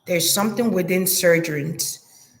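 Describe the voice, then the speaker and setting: Speaking a little slowly in a lowish voice, a woman gives an intuitive psychic reading. She murmurs hesitantly, repeats words, and lets her sentences trail away.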